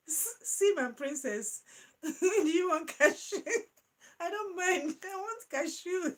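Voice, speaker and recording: A woman hosting a live-stream chat, reading out viewer comments and laughing through her words in a playful, animated way. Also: very high-pitched, drawn-out words, long pauses, rough recording. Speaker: channel host.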